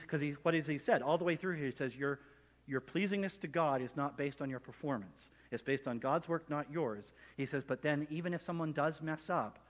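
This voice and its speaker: Male pastor, sermon delivery, lively asides in character, echoing hall sound. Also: fairly high pitch. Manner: animated preaching, acting out imagined inner voices. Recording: long reverb of a hall.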